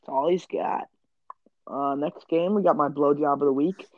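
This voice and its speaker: A brash young man trading football picks on a casual podcast, his voice pitched a bit high. He jokes and swears freely. The recording sounds dull and dry, with no room around it. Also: fairly even intonation, moderate pace, no echo. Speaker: podcast co-host. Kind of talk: casual sports chat.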